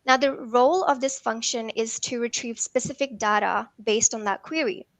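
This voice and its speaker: A woman talks through a technical workshop, pitched a touch high. She explains patiently and leans on frequent ums and uhs. The sound is close and dry. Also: moderate pace, fairly bright tone, no echo. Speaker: workshop presenter.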